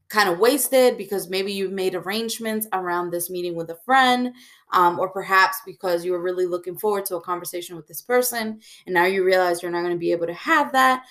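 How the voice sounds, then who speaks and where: A woman hosting a podcast, giving casual advice in a reflective way, often pausing on "um" and checking in with "right?". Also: medium pitch, fairly bright tone. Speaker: podcast host.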